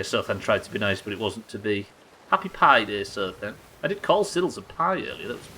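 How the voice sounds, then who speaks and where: A man's voice: lowish voice, bright, forceful tone, a little hiss or hum, low-quality recording. A young man streaming a game live, teasing his chat with sarcastic, sweary banter. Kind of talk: live gameplay commentary and chat reading.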